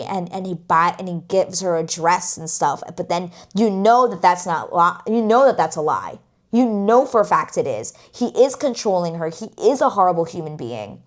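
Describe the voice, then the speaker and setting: A woman's voice: mid-range voice, animated, moderate pace. A woman giving a casual, outspoken review of a TV series on her vlog, talking emphatically with lots of "like" and the odd swear word.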